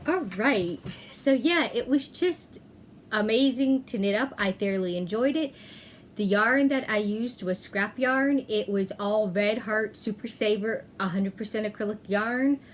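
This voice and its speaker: A chatty woman hosts a knitting podcast, talking at an unhurried, slow pace. She often pauses on "um" and corrects herself as she goes. A faint background noise sits under her voice. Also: mid-range voice. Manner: chatty, self-correcting, frequent "um". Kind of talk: casual chat.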